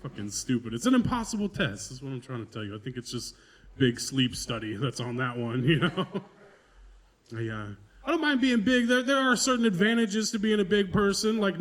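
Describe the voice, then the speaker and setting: A man headlining a comedy club set talks to the room in a loose, conversational way. His voice sits a little high, and he swears casually while mocking himself on a handheld stage mic. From Pacific Northwest, US. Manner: loose, profane, conversational, self-deprecating.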